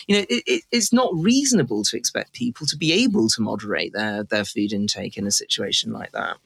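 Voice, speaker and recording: A woman's voice: rumbling low, big pitch swings, brisk, vocal fry, hardly any pauses, slightly rough, no room sound. A British woman chatting as a guest on a podcast, effusive and full of fillers, talking from London. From Britain. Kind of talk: casual podcast chat.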